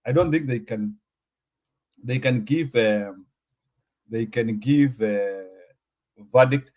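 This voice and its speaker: A man's voice: mid-range voice, slow pace, a little mellow. A Kenyan man hosting a casual chat, joking and laughing often as he mixes English and Swahili.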